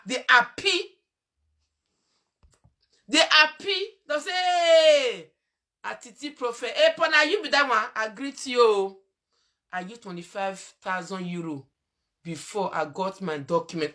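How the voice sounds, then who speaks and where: High, bright-voiced woman in Nigerian Pidgin. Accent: Nigerian Pidgin English. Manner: emphatic, repeats phrases, laughs and scolds, sudden loud outbursts. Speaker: online show host. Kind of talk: animated commentary monologue.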